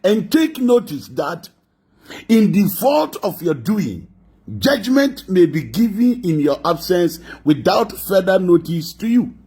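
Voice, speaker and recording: A man's voice: sits high, sing-song, takes it slowly, darkish tone, slightly rough. A man with a Ghanaian accent giving mocking gossip commentary, laughing often between lines. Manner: laughing, mocking, mixing languages.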